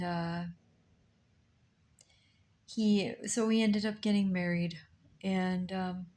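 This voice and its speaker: A woman slowly telling a painful personal story, halting with many pauses and fillers, recorded on a laptop mic. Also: medium pitch, a little mellow. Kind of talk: personal testimony, slow and halting. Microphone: laptop mic on her lap.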